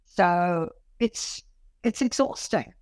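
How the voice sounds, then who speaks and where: A woman in her late fifties with a London accent, chatting as an interview guest in an animated, self-mocking way with many restarts. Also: lowish voice, slow, dry recording, studio quality. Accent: London English. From London, England. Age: late 50s. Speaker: guest author and performer. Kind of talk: casual interview chat.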